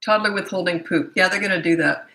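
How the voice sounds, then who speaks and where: A woman's voice: lowish voice, quick pace, bright, forceful tone, reverberant, poor audio. A middle-aged woman, a parenting coach answering viewer questions live, blunt and incredulous, often laughing and mocking the questions.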